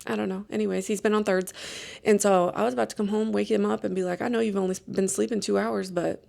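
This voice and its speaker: A woman in her late thirties, hosting a podcast and telling stories in a chatty, animated, self-deprecating way. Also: mid-range voice, fast, vocal fry. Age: late 30s. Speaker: podcast host. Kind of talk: casual storytelling chat.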